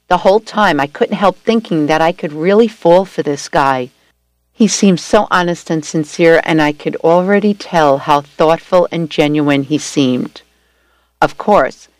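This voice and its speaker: A woman reading a first-person story aloud at a steady, gentle storytelling pace. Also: sits low, dry recording. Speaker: story reader.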